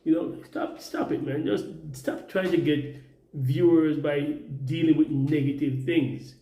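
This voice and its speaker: Cooking at home and talking to his vlog, this Jamaican man has a slightly high, mellow voice with a steady tone and a somewhat slow pace. He wanders from point to point, exasperated, saying things more than once. His kitchen gives the recording an echo.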